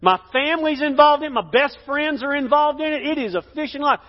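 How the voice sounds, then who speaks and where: Preacher putting on a proud fisher guy, high and excited, echoey dull hall. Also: takes it slowly. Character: eager middle-aged fisherman proud of his trade.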